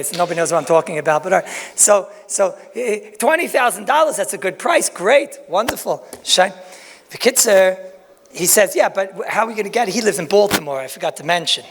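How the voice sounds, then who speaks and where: A man with gives a Talmud lecture in an echoing hall. His voice sits high and gravelly, and he talks in an animated, folksy way full of rhetorical questions and asides. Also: a little hiss or hum. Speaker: rabbi giving a Talmud lecture. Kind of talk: lecture to a crowd.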